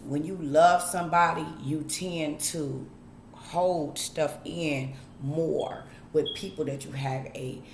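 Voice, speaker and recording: A woman's voice: low-pitched, steady tone, slow, darkish tone, roomy sound, a little hiss or hum. A middle-aged woman, giving her viewers blunt, preachy advice in a casual monologue, talking right to them and cursing freely. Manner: preachy and blunt, talks to the audience, drawls, swears. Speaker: vlogger.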